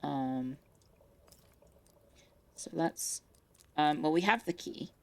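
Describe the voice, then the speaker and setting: A woman's voice: low-pitched, drawn-out words, creaky, darkish tone, clear, resonant tone. A young woman streams a puzzle game from her bedroom, chatting nervously with viewers. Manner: chatty, nervous, repeats herself when spooked. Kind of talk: live game stream commentary. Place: bedroom at home. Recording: faint music in background.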